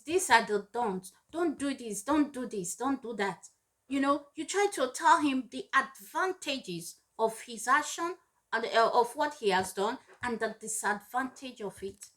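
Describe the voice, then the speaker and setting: A high-pitched woman talks earnestly about raising children. She is emphatic and repeats each point to drive it home, like a parent lecturing other parents. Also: a bit bright. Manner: acts out scolding parents in raised voices. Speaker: parenting advice vlogger. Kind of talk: direct-to-camera advice talk.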